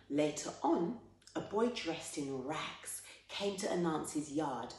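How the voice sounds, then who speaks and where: A woman hosting a poetry show, reading a folktale aloud in a lively, expressive way. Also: low-pitched, slow pace. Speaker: storyteller. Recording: very echoey room.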